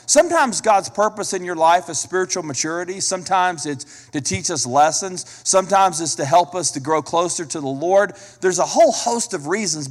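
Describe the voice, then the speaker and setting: A man preaching a sermon as a pastor, emphatic, repeating key phrases and asking the listeners direct questions. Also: high-pitched. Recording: long hall reverb.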